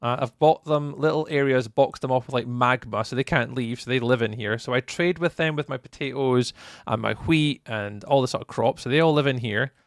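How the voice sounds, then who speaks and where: A man's voice: medium pitch, a little fast, no echo, studio quality. A Scottish man chatting casually with viewers while commentating a live game stream. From Scotland. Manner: friendly, chatty, greets viewers by name.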